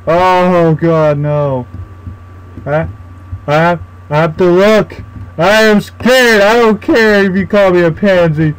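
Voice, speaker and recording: A young man with a high, clean-toned voice plays a horror game and commentates as a gaming YouTuber. He takes it slowly, sounding frightened, swearing and talking to himself. The recording quality is rough.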